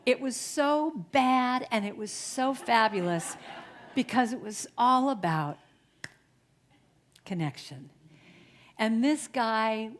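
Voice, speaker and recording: A middle-aged woman giving a storytelling sermon as a guest speaker, chatty and animated, often laughing. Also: on the high side. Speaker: guest speaker at a spiritual center.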